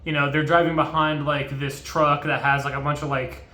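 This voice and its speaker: A man's voice: fairly high pitch, flat delivery, moderate pace, pushed and bright, reverberant. A man casually recapping a movie in a rambling, profane way, with many fillers. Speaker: video host.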